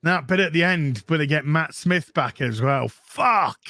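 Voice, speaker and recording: Animated, excitable British man. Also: fairly high pitch, a little slow, no echo. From United Kingdom. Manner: animated, excitable, swears often, laughs a lot. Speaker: podcast co-host. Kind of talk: casual chat.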